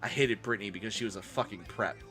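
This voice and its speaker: A man's voice: on the low side, fast talker, sharp tone, soft background music. A man voicing an overwrought goth teenage vampire girl in a comedic reading. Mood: melodramatic.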